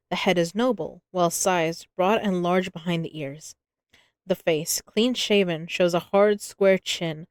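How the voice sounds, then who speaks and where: A woman's voice: fairly low pitch, a little mellow, no echo, clean studio sound. A woman streaming a novel read aloud, chatting casually between passages, swearing, laughing and talking to her pets. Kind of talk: casual reading and chat.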